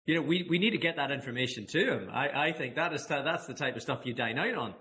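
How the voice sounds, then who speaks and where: A man's voice: mid-range voice, fast, bright, forceful tone. A man, chatting casually on a podcast, rambling and laughing with many restarts. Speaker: podcast co-host. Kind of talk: casual chat.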